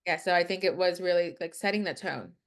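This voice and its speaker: A woman's voice: on the low side, fairly quick. A young adult woman, an interview guest who works in people leadership, speaks casually and fills her talk with "like.". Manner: talkative, leans on "like" as a filler.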